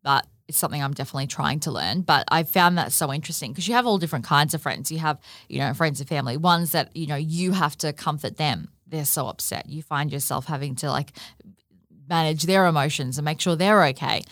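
A woman hosts a solo podcast in a low, fairly quick and fairly bright voice, recorded clean in a studio with no echo. Her candid monologue is frank and casual, full of swearing and fillers like "like" and "you know".

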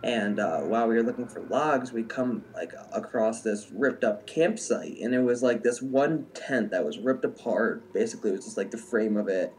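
A man's voice: on the low side, normal speed, hardly any pauses, a little hiss or hum. A young adult man telling a personal story in a casual, rambling way, full of "like" and "um". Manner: rambling, heavy use of "like" and "um".

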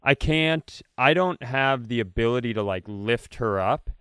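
A man's voice: medium pitch, a little slow, smooth, dry recording, clean studio sound. A middle-aged man, a comedian co-hosting a podcast, telling a story casually, acting out quotes with plenty of fillers. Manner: animated, acts out quotes with fillers.

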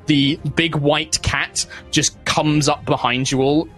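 A man's voice: a little high, steady tone, takes it slowly, a bit bright, soft background music. A man narrating as game master of a tabletop role-playing game, loose and chatty with lots of fillers. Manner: chatty, many fillers, laughs at own lines.

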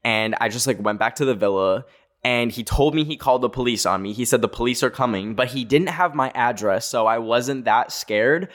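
A Canadian man in his twenties tells a story at a brisk pace, rambling casually with plenty of filler words. His pitch jumps around in an animated way.

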